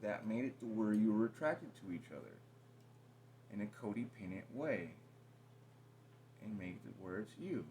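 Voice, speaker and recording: A man's voice: on the low side, very animated, moderate pace, long pauses, darkish tone, a little hiss or hum. A man talking bluntly and profanely in a rambling, confrontational conversation with his partner. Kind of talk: casual heated conversation.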